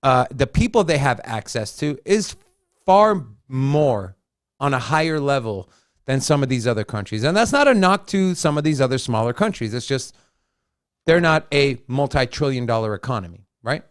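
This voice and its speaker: A man's voice: medium pitch, animated, moderate pace, dry recording, clean studio sound. A man co-hosting a casual crypto chat, joking and teasing as he lays out his opinions. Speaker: co-host.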